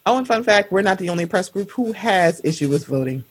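A woman in her thirties hosting a casual podcast, lively and animated, often jumping into high-pitched voices when quoting. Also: fast. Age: 30s. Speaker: podcast host.

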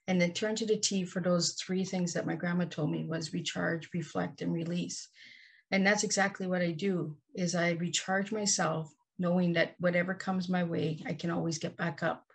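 A woman's voice: lowish voice, husky. A woman guest on a podcast interview, telling her life story in an earnest, heartfelt way. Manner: earnest, heartfelt, slow and deliberate.

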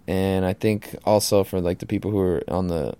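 A man's voice: low voice, steady tone, normal speed, mellow, clean tone. Laid-back, slangy male podcaster. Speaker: podcast host. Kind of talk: casual solo podcast monologue.

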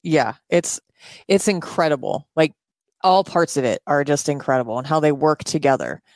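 Woman co-host, candid and self-mocking, lower pitch, dry close mic. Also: normal speed, darkish tone, no echo. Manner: candid, laughs at herself, loses words. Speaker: podcast co-host. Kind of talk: casual chat. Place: indoors at her home.

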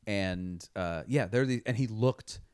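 Man, podcast co-host, low voice, dry close sound, jokey storytelling. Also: a little slow, a little mellow, clean tone, no echo. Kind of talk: casual podcast chat.

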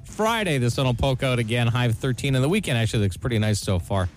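A man's voice: mid-range voice, lively intonation, fast. A male radio co-host talks in a dry, skeptical way in casual banter. He pushes back on the others with plain argument. Faint music plays underneath. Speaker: radio co-host reading the weather.

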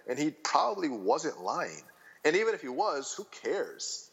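A man in his thirties chatting casually as a podcast guest, rambling and animated, with lots of fillers and restarts. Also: on the high side, unhurried, creaky, husky, dull audio.

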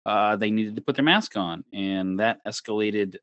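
A man co-hosting a casual chat, a comedy show producer who is also a sports official, easygoing and measured. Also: on the low side, a bit bright, a little hiss or hum.

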